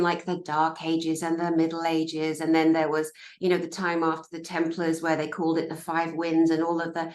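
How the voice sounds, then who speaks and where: A woman hosting a casual talk, animated and scornful as she rambles. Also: low voice, reverberant. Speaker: host. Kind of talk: casual chat.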